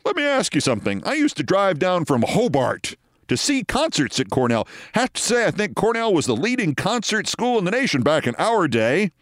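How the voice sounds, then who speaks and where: A man voicing a courtly, suited producer who smooths over arguments with folksy, old-fashioned address. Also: high-pitched, huge pitch swings, normal speed, dry recording, clean studio sound, voice pushed up. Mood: genial. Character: genteel older male producer, suited, smoothly placating.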